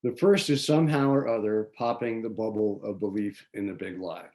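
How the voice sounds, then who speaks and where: Hosting a local community forum, a man delivers prepared political commentary in a measured way, reading from notes with small restarts. His voice is lowish with a darkish tone.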